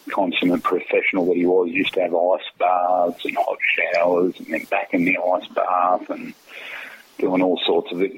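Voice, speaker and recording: Husky Australian man spinning footy yarns. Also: low-pitched, rough recording. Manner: rambling, laughs often, many fillers and restarts. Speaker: former footballer guest. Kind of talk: casual storytelling.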